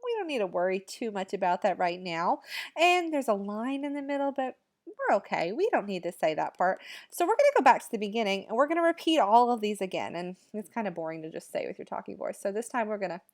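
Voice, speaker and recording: A woman teacher recording a music lesson at home, chanting rhythm syllables and talking straight to the children watching. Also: mid-range voice.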